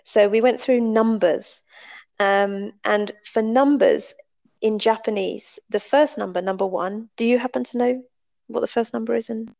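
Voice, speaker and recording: A woman's voice: on the high side, fairly even intonation, measured pace, gravelly, mellow. A woman from the United Kingdom, telling a story in a casual, conversational way and explaining step by step with the odd um. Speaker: storyteller recalling a language class.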